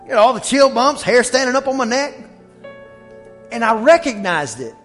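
A man with a very high voice preaches a lively sermon and builds to shouts on his key points. Faint music plays behind him. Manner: preaching with rising shouts and quick asides. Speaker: pastor.

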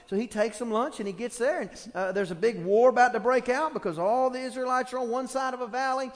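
Animated high-voiced male preacher. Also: fast, few pauses. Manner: animated storytelling with acted quotes. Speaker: pastor. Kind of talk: sermon. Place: church. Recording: long hall reverb.

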